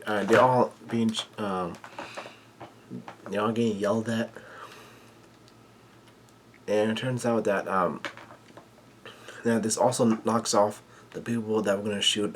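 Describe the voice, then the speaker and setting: A man casually recapping a manga chapter, halting often with fillers and restarts, and blunt enough to swear when something surprises him. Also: lowish voice, steady tone, a little hiss or hum.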